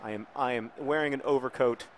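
Excitable middle-aged man playing a game. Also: medium pitch, fairly quick, a little hiss or hum. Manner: excitable, jokey, shouts at big moments. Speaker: video game commentator. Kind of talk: playing a football video game with live commentary.

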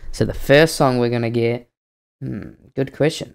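A man's voice: medium pitch, normal speed, gravelly, smooth. A man hosting a video chat video, joking and playful. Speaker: host. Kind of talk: casual chat.

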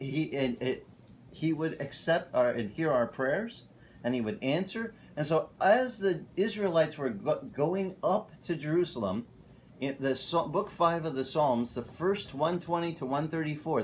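A male pastor preaching a casual, animated sermon at a church fellowship. He often tells stories and corrects himself mid-sentence. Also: a little high, slight background noise. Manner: animated, storytelling, self-correcting.

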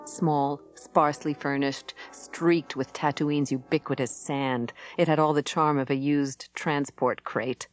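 Brief: female audiobook reader, low voice, dry booth sound. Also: flat delivery, moderate pace, few pauses, dry recording, soft background music. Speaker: audiobook narrator. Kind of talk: scripted narration.

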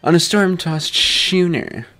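A man reading a scheming, theatrical male magician in a florid, over-polite, mock-British manner, well above his own pitch. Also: slow pace, pushed and bright, soft background music. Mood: smarmy.

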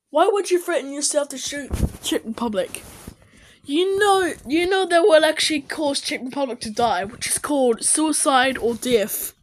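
A high-voiced young woman talks slowly through her reactions to animated clips. She calls out to the characters on screen with puzzled questions and sudden exclamations. A faint hiss of noise sits under her voice. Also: rough recording. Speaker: reaction video host. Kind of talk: casual reaction commentary.

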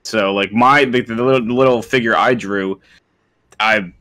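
A man co-hosting a podcast in casual chat, rambling as he pitches ideas, full of likes and restarts. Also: normal speed, bright, forceful tone. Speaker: podcast co-host.

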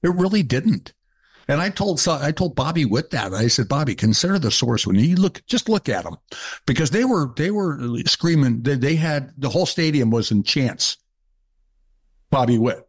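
An older man in his seventies, guest on a casual podcast, telling stories from his playing days. He talks in a relaxed, conversational way and now and then acts out what the fans yelled at him. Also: fairly high pitch, moderate pace, slightly rough. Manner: animated storyteller, acts out shouted quotes. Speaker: guest, former ballplayer. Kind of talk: casual storytelling.

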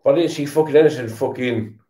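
A fast-talking man with a mid-range, dark-toned voice rambles angrily at the football on TV, tipsy on beer. He swears, says the same things over and stammers as he starts over, heard in a roomy acoustic.

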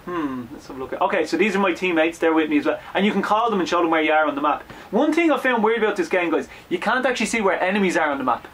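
A young Irish man hosting a comedy sketch, chatting quickly as he explains a video game. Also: sits high, animated, fairly bright tone. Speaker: host. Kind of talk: casual gameplay chat.

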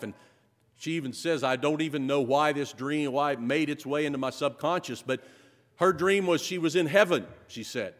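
Man preaching in a reverberant church. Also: medium pitch. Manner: builds to emphatic repeated phrases, then drops soft. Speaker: pastor. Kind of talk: sermon. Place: church sanctuary. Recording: long reverb of a large hall.

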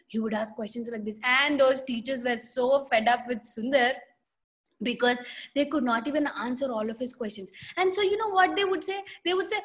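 Speaking at a moderate pace with a voice that sits high, a Sunday school teacher shares a story with children via video call. She animates it by putting questions to them and performing different voices.

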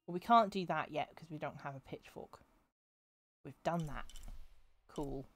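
Slow-talking woman streamer. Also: deep voice, a bit bright. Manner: chatty, jokey, talking to herself. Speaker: game streamer. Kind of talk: casual gameplay commentary.

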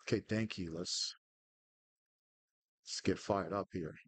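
Slow-talking man, husky and dry, calls player names tersely while gaming and swears when things go wrong. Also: sits low, fairly even intonation, dry recording. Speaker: podcast host playing a football management game. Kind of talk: casual live commentary on his own game.

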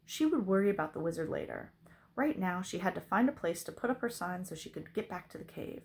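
A woman reading a children's novel aloud, expressive. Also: fairly low pitch, brisk. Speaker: reader.

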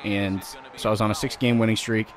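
A man hosting a gaming channel, giving loud, vulgar, excitable commentary while he plays. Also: on the low side, a little fast. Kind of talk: let's play commentary.

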